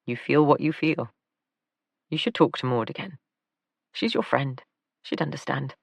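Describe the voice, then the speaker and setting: A woman reading a tired, injured man who talks softly and apologetically in an audiobook. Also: a bass voice, measured pace, vocal fry, husky, no echo, heavily acted. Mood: weary.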